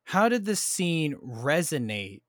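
A man's voice: on the high side, very animated, takes it slowly, a bit bright, no room sound, clean studio sound. A man hosting a casual podcast, asking his guest probing questions. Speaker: podcast host.

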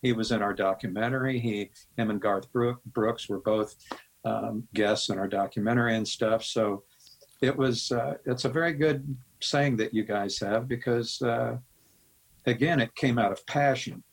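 Older man from the Midwest, husky voice, rambling storyteller who quotes everyone. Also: mid-range voice, normal speed, low-quality recording. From American Midwest. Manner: rambling anecdotes with laughs and quoted dialogue. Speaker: guest musician. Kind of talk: storytelling interview.

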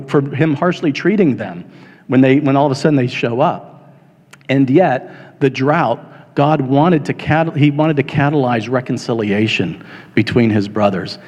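A male pastor giving a sermon in a conversational, halting way with many fillers, rising now and then to an impassioned retelling. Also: mid-range voice, darkish tone. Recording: long reverb of a large hall.

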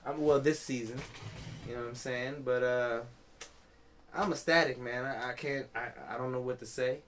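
A man's voice: medium pitch, steady tone, normal speed, a bit bright, slight background noise. A tipsy man hosting a podcast, rambling casually and profanely, with a constant "you know what I'm saying.". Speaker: podcast host.

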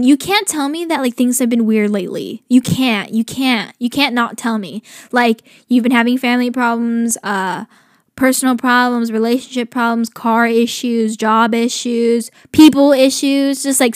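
A woman's voice: on the high side, no room sound, clean studio sound. Chatty young woman, rambling. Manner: rambling, heavy use of "like" fillers; animated and exasperated. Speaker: podcast host. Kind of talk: casual chat.

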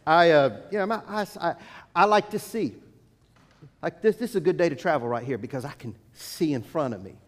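Middle-aged man, high voice, preaching a sermon, halting, repeats words, long hall reverb. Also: expressive. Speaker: pastor.

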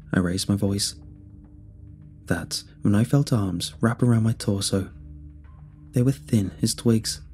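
A man giving steady, measured first-person narration of a scripted horror story. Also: lowish voice.

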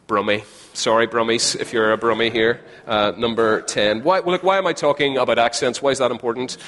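A Northern Irish man preaches to a live crowd in a chatty, joking way, repeating his key phrases for emphasis. His voice sits at an everyday middle pitch. The sound rings with the long reverb of a large hall. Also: steady tone, brisk, a bit bright. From Northern Ireland. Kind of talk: sermon.

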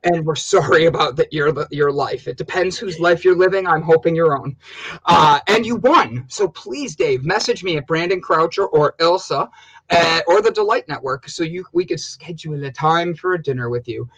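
A man co-hosting a casual live stream, excitable, laughing often and calling out viewer names. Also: on the high side, normal speed, husky, low-quality recording. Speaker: livestream co-host.

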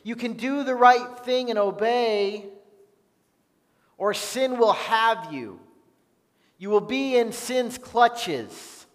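A man with a high voice preaches a sermon at a slow, deliberate pace. He reads scripture in an earnest tone, and his words ring out with the long reverb of a church hall. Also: lively intonation. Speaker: pastor.

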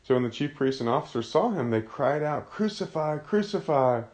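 A man's voice: medium pitch, brisk, a little mellow. A man teaching a casual Bible study, explaining a passage in a conversational way.

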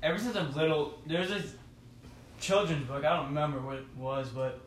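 A man's voice: fairly high pitch, moderate pace. Laid-back teen guy, distant and echoey. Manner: laid-back, musing, says dude often. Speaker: podcast co-host. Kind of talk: casual chat. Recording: distant echoey room, faint noise.

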